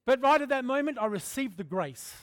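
A middle-aged man preaching a sermon in a candid, conversational way, often clearing his throat. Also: extremely high pitch, a bit bright, no echo, studio quality. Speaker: pastor.

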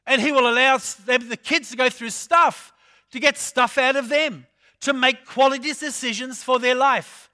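A man's voice: extremely high pitch, pushed and bright. An older man from England preaching a sermon, telling stories and repeating phrases for emphasis.

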